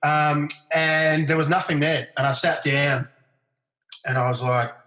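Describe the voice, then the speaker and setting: At a measured pace and a slightly high pitch, a middle-aged Australian podcast guest shares casual stories. He brings the anecdotes to life by acting out what others said in raised, livelier voices, and the recording sounds roomy and echoey.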